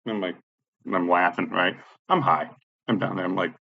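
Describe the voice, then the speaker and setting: A man's voice: deep voice, fairly even intonation, fairly quick, gravelly, husky. A man in an angry, profane rant, agitated, repeating himself and swearing constantly. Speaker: vlogger. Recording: dull lo-fi sound.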